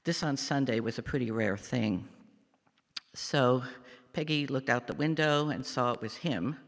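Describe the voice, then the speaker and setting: Older man, gravelly, halting reflective lay speaker in a reverberant church. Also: medium pitch. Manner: halting, reflective storytelling with many fillers. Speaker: lay speaker giving a meditation. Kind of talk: personal family story in a church service. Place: church sanctuary.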